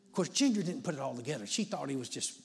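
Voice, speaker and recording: A preacher with a high, ringing, gravelly voice tells his story in a storytelling sermon, folksy and chatty, fast and sing-song. He builds to dramatic rises, keeps saying "you know," and echoes at length as though filling a big hall.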